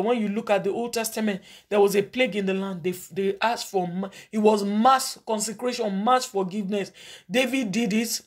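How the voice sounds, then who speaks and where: A woman pastor preaching and leading a congregation in earnest, pleading prayer, repeating short phrases of confession. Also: a little high. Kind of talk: sermon with led prayer.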